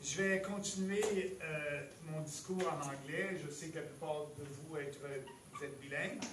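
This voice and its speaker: A man with a French accent and French as his first language, giving a halting rally speech as a party leader with many pauses and emphatic rises. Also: fairly high pitch, steady tone. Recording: echoey hall, distant mic, faint noise.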